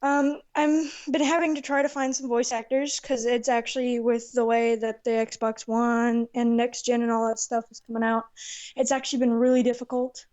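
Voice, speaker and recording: Young woman, high-pitched, rambling casual chat, self-correcting, dull low-fi sound. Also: flat delivery, moderate pace, darkish tone. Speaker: podcast co-host, machinima maker.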